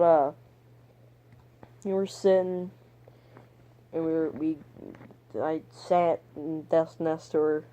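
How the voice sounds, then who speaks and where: In a rambling storytime vlog, a young man with a fairly high, warm voice tells a crude, profane tale. He meanders off topic and mutters whispered asides.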